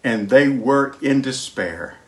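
A man preaching a sermon as pastor, emphatic, moving between loud declarations and hushed lines. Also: medium pitch, lively intonation, takes it slowly. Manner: sings hymn lines.

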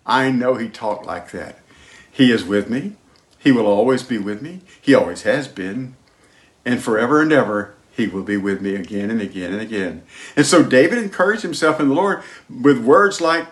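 A man preaching a sermon as pastor, emphatic, moving between loud declarations and hushed lines. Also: mid-range voice, expressive, moderate pace. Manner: sings hymn lines.

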